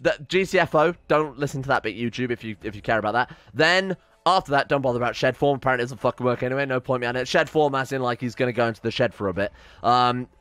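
Fast-talking man playing a game. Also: medium pitch, a bit bright, no room sound. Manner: rambling, self-interrupting, swears casually. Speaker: let's-play streamer. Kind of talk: casual gameplay commentary.

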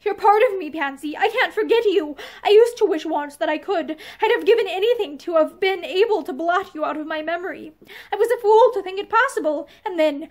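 Woman voicing a heartsick man in a period novel reading, impassioned and pleading, voice pitched very high.

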